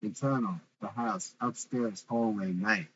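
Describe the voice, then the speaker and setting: A man's voice: on the low side, a little slow, muffled recording, slight background noise. A man reading a script aloud with its stage directions, in a plain, matter-of-fact way.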